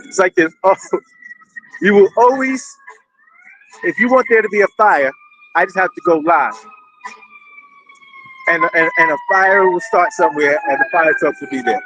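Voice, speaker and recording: A man hosting casual live-stream commentary, rambling and animated, often repeating words as he restarts. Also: high voice, measured pace, pauses often, slight background noise, rough recording. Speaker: political commentary host. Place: indoors near a street with fire trucks.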